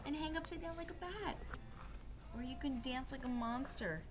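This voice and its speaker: A woman's voice: high voice, normal speed. A young woman, an aunt, reading a picture book aloud to a toddler at home in a coaxing, sing-song way, often laughing. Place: home, indoors. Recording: home camcorder with loud background noise.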